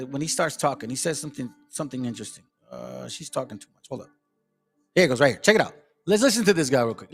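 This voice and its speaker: A man's voice: fairly high pitch, a bit bright. A man giving loose, rambling commentary as he reacts to clips he plays, with faint music under him. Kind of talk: casual commentary on played clips.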